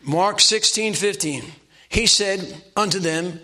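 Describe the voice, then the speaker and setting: Older male preacher, high-voiced, homespun and self-mocking, hammers one point again and again. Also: slow pace, sharp tone. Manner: folksy, self-deprecating preaching with repeated exhortations. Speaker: pastor. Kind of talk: sermon.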